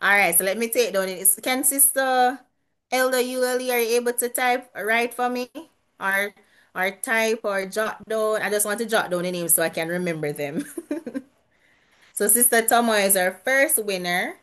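A woman's voice: mid-range voice, normal speed, a bit bright, smooth. Chatty woman hosting an online quiz. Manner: chatty, laughs often, restarts sentences. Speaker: quiz host at an online church gathering. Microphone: video call.

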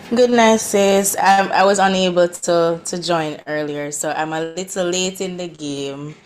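A woman on a video call, chatting and laughing as she reads scripture aloud haltingly. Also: fairly low pitch, steady tone. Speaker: participant in an online prayer meeting. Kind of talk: casual video-call chat and scripture reading.

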